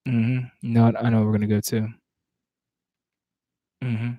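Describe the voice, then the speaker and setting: A man's voice: mid-range voice, flat delivery, normal speed, no echo, phone-quality sound. A man from Virginia with a Southern accent, a spoken word poet chatting casually and reflectively between poems on a livestream, often restarting his sentences. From Virginia, USA. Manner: reflective, searching, speaks in broken restarts. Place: home, at night.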